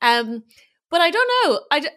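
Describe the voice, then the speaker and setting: Lively Irish woman telling stories. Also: high voice, moderate pace. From Ireland. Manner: animated storyteller, many fillers and restarts. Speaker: comedian guest. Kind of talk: casual podcast chat.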